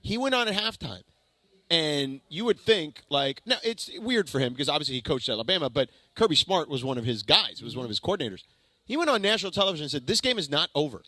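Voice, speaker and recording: Brief: male sports radio co-host, bright and forceful tone, quick chatty delivery. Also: on the high side, big pitch swings, dry recording. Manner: chatty, easygoing, lots of agreeing fillers. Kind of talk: casual sports talk. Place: radio studio.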